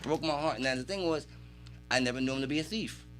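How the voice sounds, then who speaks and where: A man telling animated, swear-filled stories as a podcast guest in a radio studio. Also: medium pitch, fast talker, faint music behind. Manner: animated storytelling, heavy swearing. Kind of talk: casual chat.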